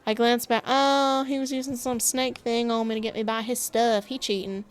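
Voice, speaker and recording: A woman's voice: fairly high pitch, flat delivery, normal speed, smooth. A woman giving playful, giggly commentary while reading a dating-sim game aloud, with sarcastic asides. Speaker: gaming streamer. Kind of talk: casual let's-play commentary and reading aloud.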